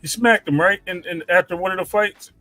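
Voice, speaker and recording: A man co-hosting a boxing talk stream in casual slang, firing quick questions and backing the host up. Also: sits high, sharp tone, no room sound, faint music behind.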